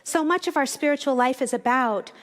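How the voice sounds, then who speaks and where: A woman's voice: sits high, a little fast. A woman minister giving a reflective, storytelling sermon, speaking directly to her congregation in a church. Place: church sanctuary.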